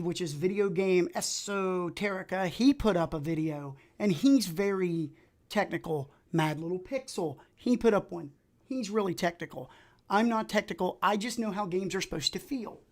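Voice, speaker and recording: A man hosting his own livestream, chatting and telling stories in a lively, talkative way. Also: high-pitched, moderate pace. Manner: energetic, chatty storyteller. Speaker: livestream host. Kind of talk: casual livestream chat.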